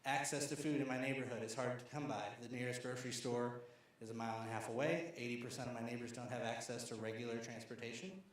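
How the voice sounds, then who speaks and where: A man's voice: mid-range voice, level tone, fast talker, hardly any pauses. Arkansas guy telling stories at a lecture, loose and chatty, big echoey hall, faint hum. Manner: conversational, with fillers and restarts. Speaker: speaker at a lecture series. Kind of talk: storytelling talk.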